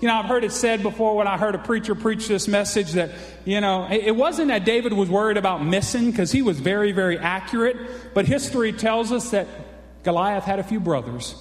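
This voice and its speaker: A man's voice: high-pitched, brisk. A man preaching a folksy, exclamatory sermon, often calling out for an amen. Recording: echoey hall reverb.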